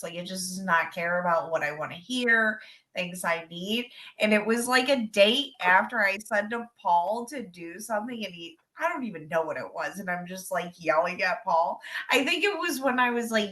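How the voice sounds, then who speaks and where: A woman's voice: medium pitch, lively intonation, normal speed, a bit bright. A woman co-hosting a podcast, teasing and swearing as she tells stories in casual chat. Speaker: podcast co-host.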